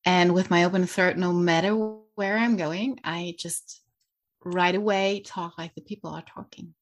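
This is a German woman whose English carries only a slight German accent. As a podcast guest she talks in a lively, playful way and laughs easily. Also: lowish voice, a little slow. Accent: light German, near-neutral English. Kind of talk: casual conversational interview.

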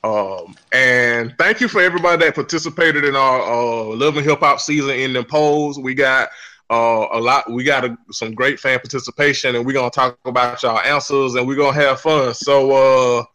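A man's voice: mid-range voice, moderate pace, bright, forceful tone. A man hosting a casual podcast chat, joking and teasing, with frequent fillers. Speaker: podcast host.

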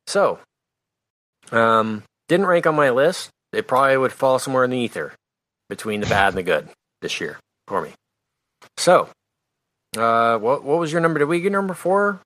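A man's voice: medium pitch, animated, moderate pace, pauses often, a bit bright, no room sound. A man co-hosting a podcast in casual chat, offhand and hesitant with many fillers. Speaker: podcast co-host.

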